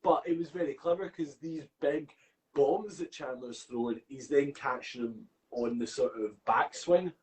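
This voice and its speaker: A man's voice: medium pitch, measured pace, a little mellow, low-quality recording. A Scottish man co-hosting a podcast in casual chat, swearing a lot and ranting with heat. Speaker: podcast co-host.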